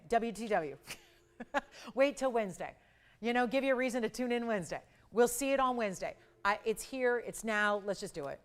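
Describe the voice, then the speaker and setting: A middle-aged woman hosting a live shopping show, pitching jewelry with urgent price countdowns and chatty asides. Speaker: shopping channel host.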